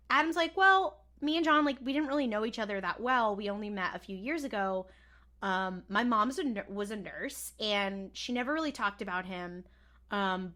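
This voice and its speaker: A woman co-hosting a podcast, recapping a TV episode in casual chat, laughing often and acting out the characters' lines in flat mock voices. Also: medium pitch. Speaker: podcast co-host.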